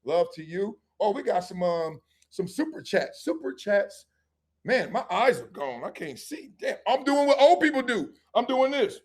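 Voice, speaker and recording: A man, hosting a livestream and telling lively stories, acting out voices and laughing often. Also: high-pitched, normal speed. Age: 50s. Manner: animated storyteller, acts out voices, laughs often. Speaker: show host. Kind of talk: livestream storytelling and chat.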